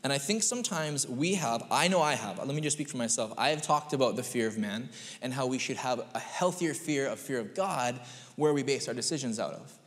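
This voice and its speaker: A man's voice: mid-range voice, a little fast. A man in his thirties, a pastor giving a chatty, story-driven sermon. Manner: chatty, storytelling, animated voices. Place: church sanctuary. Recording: long church-hall reverb.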